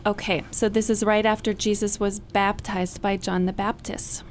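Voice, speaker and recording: A woman with a Canadian accent, a Bible study participant, retelling a scripture passage in her own words, steady and earnest. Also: medium pitch, moderate pace, slight background noise.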